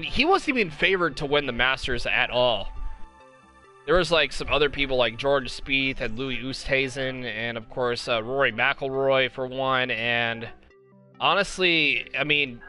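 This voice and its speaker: A man's voice: medium pitch, pushed and bright. A young man from California hosting a casual live-stream podcast, rambling enthusiastically with lots of fillers and restarts. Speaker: podcast host.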